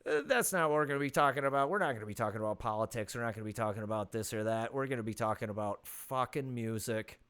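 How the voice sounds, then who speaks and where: Man, podcast host, rambling casual talk, smooth voice, phone-recorded. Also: medium pitch, fast talker, hardly any pauses, a bit bright. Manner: rambling, loose, with many fillers and swearing. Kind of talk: casual solo podcast monologue. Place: rural property.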